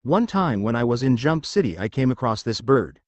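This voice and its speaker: A man's voice: medium pitch, sing-song, moderate pace, no echo, lo-fi sound, natural voice. A man voicing a smug, scheming young male ninja in a taunting, mock-friendly way, read from a fan story.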